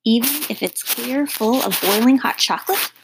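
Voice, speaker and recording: A woman's voice: on the high side, animated, a little fast, noisy background, pitched above the performer's own voice. A woman voicing a boisterous ten-year-old show-off boy, cheerful and eager in a storybook reading.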